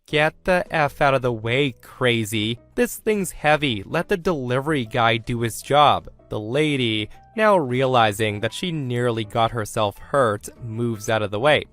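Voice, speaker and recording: A man at a middling pitch narrates a first-person forum story in a steady, even storytelling voice. Soft background music sits faintly under the reading.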